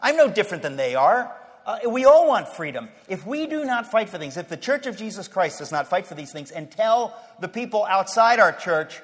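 A man giving an impassioned sermon-style speech to a Christian audience, emphatic and fervent, swinging from low, quiet passages to loud declarations. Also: sing-song, moderate pace. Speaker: speaker addressing a Christian audience. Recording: long hall reverb, faint crowd.

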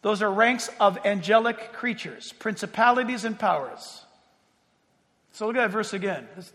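A man pastor preaching a sermon, animated, swinging between loud exclaims and hushed asides. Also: sits high. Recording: reverberant hall.

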